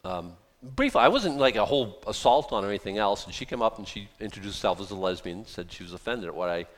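Animated, conversational male preacher. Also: fast talker. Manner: conversational, sarcastic asides, animated swings in pitch and volume. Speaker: pastor. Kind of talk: sermon.

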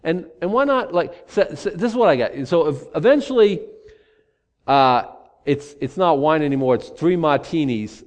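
A middle-aged male preacher with a fairly high voice that swings widely in pitch. He preaches loosely and animatedly, slipping into the voices of people talking themselves into excuses. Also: moderate pace. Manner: animated, acts out rationalizing voices. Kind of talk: sermon.

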